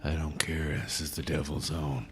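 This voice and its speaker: A man putting on a bewildered American action hero for a comedy podcast, with a rough, gravelly voice that sits extremely low and rumbling. He keeps harping on his wife and family in a hoarse growl over faint music. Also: little pitch movement, normal speed. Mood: gruff.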